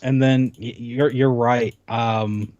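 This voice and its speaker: A man's voice: mid-range voice, fairly even intonation, slow, darkish tone, dry recording, highs cut off. A man co-hosting a podcast in casual chat, rambling with many restarts. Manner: rambling, full of restarts while showing off a console. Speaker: podcast co-host.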